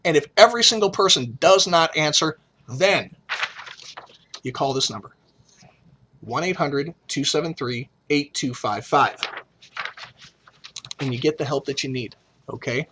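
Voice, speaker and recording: A man's voice: on the high side, lively intonation, measured pace, pauses often, bright, forceful tone, slight background noise. A middle-aged man talking frankly and emotionally in a personal vlog, blunt and profane but earnest. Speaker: vlogger.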